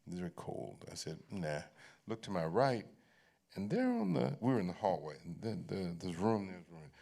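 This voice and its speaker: Gravelly, deep-ish male guest at a library talk, animated raconteur who restarts lines. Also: normal speed. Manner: animated, laughing, repeats and restarts phrases. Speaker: guest at an onstage conversation. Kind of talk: candid personal storytelling. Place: library event stage.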